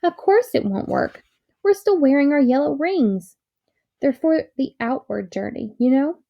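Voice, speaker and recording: A woman voicing a curious, excitable young boy in a storybook reading. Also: high-pitched, measured pace, creaky, highs cut off, pitched above the performer's own voice, full character voice. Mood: matter-of-fact. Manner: eager, exclaiming, a little dreamy.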